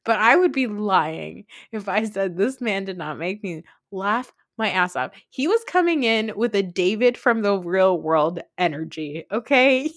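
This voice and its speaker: A woman's voice: medium pitch, animated, measured pace, few pauses, fairly bright tone, no room sound. A young woman hosting a podcast, recapping reality TV in a chatty, swearing, laugh-prone way full of "like". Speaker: podcast host. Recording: dry close-mic podcast audio.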